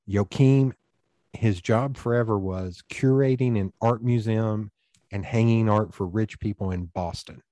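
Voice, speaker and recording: Mellow man telling stories. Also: lowish voice, a little slow, no echo. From East Tennessee, USA. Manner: rambling, anecdotal, acts out quoted dialogue. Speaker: podcast guest. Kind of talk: casual storytelling conversation.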